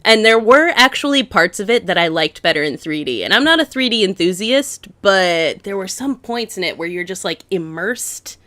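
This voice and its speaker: A woman's voice: mid-range voice, expressive, normal speed, hardly any pauses, sharp tone, no echo. A woman from Massachusetts co-hosting a podcast in casual, chatty talk, often breaking into giggles. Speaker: podcast co-host. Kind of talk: casual chat.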